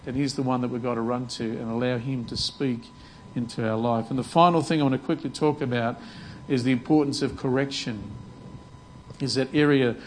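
A man's voice: medium pitch, fairly even intonation, brisk, a little hiss or hum, rough recording. A man preaching a sermon earnestly, often repeating words as he restarts his sentences. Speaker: pastor.

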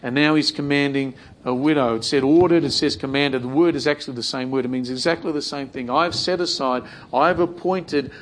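A man's voice: medium pitch, a little fast, few pauses. A man preaching a sermon in a conversational way, repeating phrases and acting out imagined prayers.

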